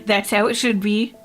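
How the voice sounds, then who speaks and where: A woman's voice: mid-range voice, a bit bright. A woman from Canada, chatting casually with her livestream chat, rambling and laughing often. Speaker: VTuber streamer.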